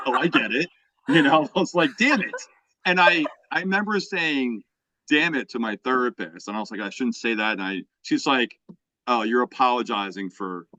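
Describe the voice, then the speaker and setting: A man's voice: mid-range voice, sharp tone, dry recording. Rambling middle-aged man on a dry mic. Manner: rambling, many restarts and "right?" checks. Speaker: podcast host. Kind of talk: casual podcast chat. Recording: dry, slightly dull podcast mic.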